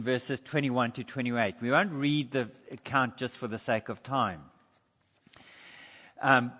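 A man with a high, bright voice preaches a sermon, earnest and questioning, stopping now and then to correct himself. His voice rings with a long reverb, as in a large hall, and the sound is a little dull.

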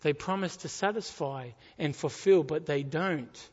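A man with a notably high voice preaches a sermon, reading verses aloud and pressing the listeners with rhetorical questions. His voice carries a long reverb, as if in a large hall. The sound is a little dull and muffled. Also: measured pace, a little mellow, slightly rough.

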